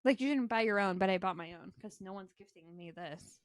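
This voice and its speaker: Speaking a little quickly in a medium pitch, a woman with a Maine accent co-hosts a podcast and tells stories in a chatty way, dropping in giggly asides. The casual chat has no room sound.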